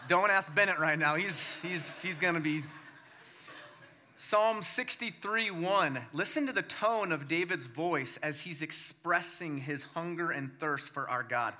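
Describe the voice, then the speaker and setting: A man preaching a sermon as pastor, emphatic and swinging between loud points and hushed low lines. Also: unhurried.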